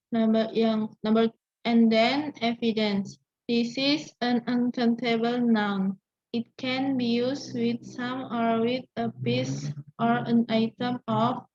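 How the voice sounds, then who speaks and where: A young woman, a student presenter, reading a vocabulary list slowly with small restarts. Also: fairly high pitch, a little mellow. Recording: dull lo-fi recording.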